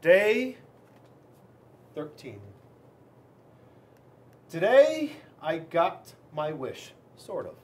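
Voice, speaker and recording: A man, a police officer, reading a children's storybook aloud in an expressive, dramatic way with big swings in loudness. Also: a little high, extremely slow, pauses often.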